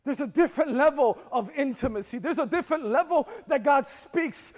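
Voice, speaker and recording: A man with a very high voice preaches a fervent sermon, swinging between hushed lines and shouts. He calls on the congregation to answer him. His voice rings through a long reverberant hall. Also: expressive, fairly quick, few pauses. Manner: impassioned preaching with rising shouts and call-and-response. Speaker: pastor.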